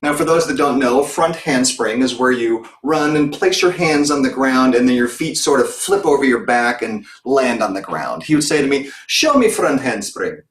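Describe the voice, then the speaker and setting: A man's voice: mid-range voice, moderate pace, few pauses. A man giving a talk as a circus performer, telling his personal story in an earnest, reflective way. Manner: earnest, reflective, with occasional restarts. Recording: echoey room, distant mic.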